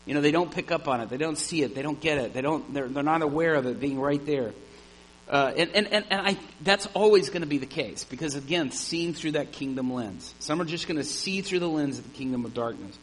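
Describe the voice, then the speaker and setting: A man's voice: a little high, a bit bright, a little hiss or hum, poor audio. A man preaching a sermon, earnest and emphatic, retelling conversations and repeating phrases for emphasis. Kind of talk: sermon with storytelling.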